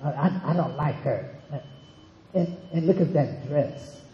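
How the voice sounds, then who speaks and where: A man putting on the voice of a catty gossip, speaking low and hushed, in a dull echoey hall recording. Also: expressive, unhurried, slight background noise. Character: catty gossip sneering at someone's dress.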